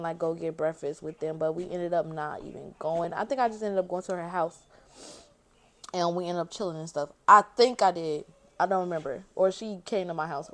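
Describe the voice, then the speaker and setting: A woman's voice: on the low side, fairly bright tone. A young woman casually telling a story while doing her makeup, chatty and slangy, using lots of filler words. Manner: chatty and slangy, heavy use of "like" fillers, addresses viewers as y'all. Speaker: beauty vlogger.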